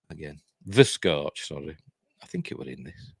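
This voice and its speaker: This Yorkshireman's voice rumbles low and husky, with a sing-song lilt at a normal pace, captured as a dry, studio-quality recording. Running a live news stream, he reads out headlines before drifting into rambling chat. Self-deprecating and mildly sweary, he laughs at his own jokes.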